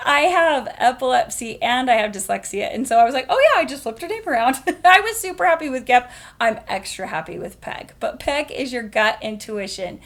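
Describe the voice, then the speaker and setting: A woman hosting a podcast, telling a story in a casual, animated way and laughing often. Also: a little high, fairly quick. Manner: animated, laughs often, acts out quoted voices. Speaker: podcast host.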